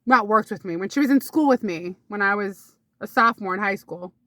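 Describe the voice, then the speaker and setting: A woman vlogging to camera, telling rambling casual stories about her mother with sudden high exclamations. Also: brisk, a bit bright, no echo.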